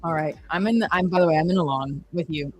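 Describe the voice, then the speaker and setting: A woman's voice: deep voice, quick pace, a little mellow, soft background music. A woman co-hosting a live trading stream, chatty and joking, cheering trades on. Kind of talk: casual chat.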